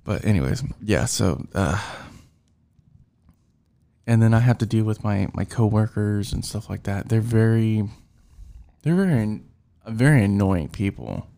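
A man's voice: on the low side, animated, measured pace, long pauses, mellow. A man ranting casually about his coworkers, rambling and frustrated, with lots of fillers and restarts. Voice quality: gravelly. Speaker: driver venting about work.

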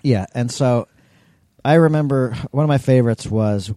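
Relaxed casual male podcast co-host. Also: mid-range voice, moderate pace, no room sound, clean studio sound. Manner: profane, anecdotal storytelling. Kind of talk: casual chat.

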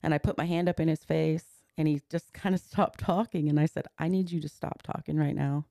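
A woman's voice: deep voice, fairly even intonation, fairly quick, creaky, warm tone, dry recording, studio quality. A woman in her forties, a podcast guest, earnestly recounting a personal story step by step and slipping into the words of the people in it. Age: 40s.

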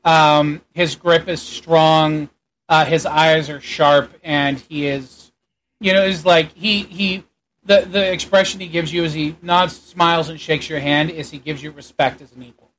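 A man narrates a tabletop role-playing session as game master, his voice sitting a little high for a man. He talks in a halting way, filling gaps with ums and uhs. His characters' lines come out quieter than his narration. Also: fairly even intonation, a little hiss or hum.

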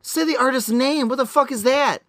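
A man's voice: very high voice, fairly quick, fairly bright tone, no echo, clean studio sound. A man co-hosting a podcast, reviewing a movie in casual banter with a crude, sarcastic, blunt manner. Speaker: podcast co-host.

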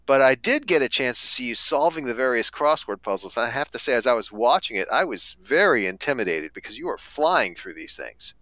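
Lively, bright-voiced male podcast host. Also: medium pitch, brisk, few pauses, no room sound, poor audio. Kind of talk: podcast interview.

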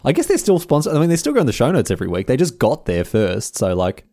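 A young man with an Australian accent, co-hosting a casual podcast and animatedly acting out quoted lines. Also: fast. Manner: animated, jumps into high voices for quoted lines. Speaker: podcast co-host.

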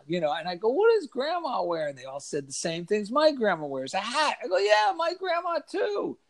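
A man telling an animated story in a casual chat, acting out the voices of kids and of himself. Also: fairly high pitch. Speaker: author and guest.

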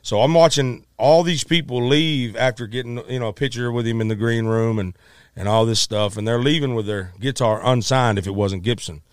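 A middle-aged musician tells a story casually and with lots of animation, acting out quotes and restarting often. His mid-range voice moves fairly quickly and sounds clear and resonant, captured in a clean studio with no echo.

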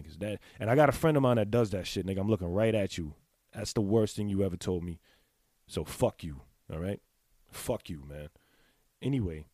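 A man in a casual, candid monologue, talking straight to his viewers in blunt, profane slang and clearing his throat now and then. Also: low-pitched, dark tone, no echo, studio quality. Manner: confessional, speaks to the audience directly. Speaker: vlogger giving sex advice.

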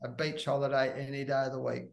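A middle-aged Australian man from Western Australia telling animated stories as a guest in a casual interview. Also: medium pitch, fast, creaky. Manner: animated, lively anecdotal storytelling that acts out other voices. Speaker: guest, former cricketer and coach.

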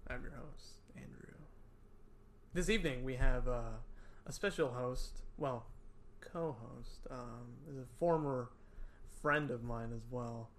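A young man hosting a podcast, joking around and sometimes slipping into a lower reading voice. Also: takes it slowly, a little hiss or hum. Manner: joking, drops into a low reading voice. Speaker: podcast host. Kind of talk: casual podcast banter.

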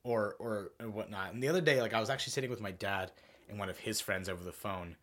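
A man's voice: fairly low pitch, quick pace, fairly bright tone. Laughing man telling long rambling jokes. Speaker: podcast host. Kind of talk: casual podcast chat.

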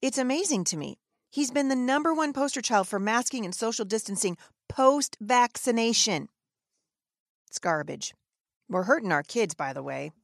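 A woman's voice: fairly high pitch, expressive, normal speed, gravelly, no room sound, clean studio sound. A woman hosting a podcast, giving emphatic, indignant opinion commentary and often restarting her sentences. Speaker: podcast host.

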